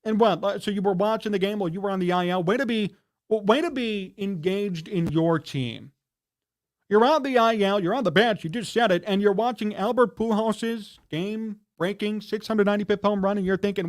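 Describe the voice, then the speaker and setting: Fired-up high-voiced man ranting. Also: fairly quick. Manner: heated, indignant, scolding. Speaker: sports talk host. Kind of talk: livestream sports rant.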